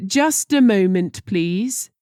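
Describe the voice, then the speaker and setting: Woman teacher reading phrases super slow, mellow dark voice, dry sound. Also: medium pitch, lively intonation, no echo. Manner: slow and deliberate, careful pronunciation. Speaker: language teacher.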